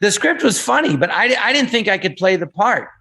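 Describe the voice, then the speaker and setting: A man with a fairly high voice chats on a comedy podcast. He answers with brisk, wry comebacks and gentle teasing. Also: very animated, vocal fry, breathy edge. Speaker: comedian co-host. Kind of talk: casual podcast chat.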